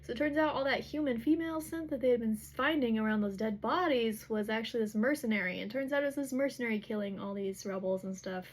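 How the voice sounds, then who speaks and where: A young woman casually retelling a novel's chapters, chatty and animated, with slangy asides. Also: a little high, fast talker, few pauses. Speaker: book recap vlogger.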